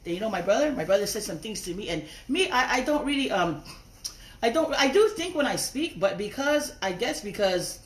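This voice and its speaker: A woman's voice: mid-range voice, sing-song, brisk. Woman, angry livestream rant, profane, confrontational, code-switching into Tongan, phone mic, roomy echo. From raised outside Tonga. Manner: mixes English with Tongan phrases. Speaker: social media livestreamer.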